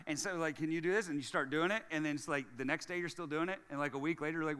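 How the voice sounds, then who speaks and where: Male pastor, sermon, conversational, jokey, bright tense tone, long hall reverb. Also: a little high, racing, few pauses, smooth. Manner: conversational, jokey, swings from hushed to loud. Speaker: lead pastor.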